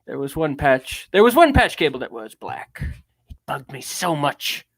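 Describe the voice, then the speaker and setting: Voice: mid-range voice, sing-song, normal speed, breathy edge, dry recording. Streamer doing a pompous fake british voice, all tortured and dramatic, dry sound. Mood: anguished. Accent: put-on British. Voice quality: theatrical, affected drawl. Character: grandiose anguished man reading his own confession. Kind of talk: dramatic reading of a text.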